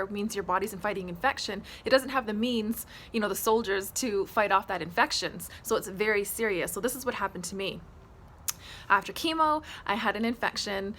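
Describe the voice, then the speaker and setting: A woman's voice: mid-range voice, a bit bright, slight background noise. A woman telling her own health story to camera in a candid, emphatic way. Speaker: health vlogger.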